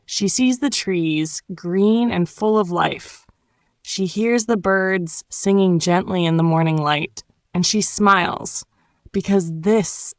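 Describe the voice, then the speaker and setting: A woman teaching an English lesson, narrating a simple story and gently coaching learners to repeat words, with warm encouragement. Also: medium pitch, no echo, clean studio sound. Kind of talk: slow ESL lesson narration.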